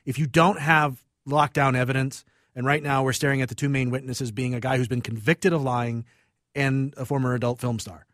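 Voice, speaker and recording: Male co-host, quick emphatic talker, dry studio sound, argumentative. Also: medium pitch, steady tone, fairly bright tone, no room sound. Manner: argumentative, emphatic, talks through points quickly. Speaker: radio co-host. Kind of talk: casual radio talk.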